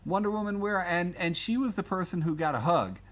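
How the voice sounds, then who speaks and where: A man's voice: sits high, lively intonation, fairly quick, fairly bright tone, a little hiss or hum. A man hosting a casual live stream, chatting loosely with many fillers. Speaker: livestream host.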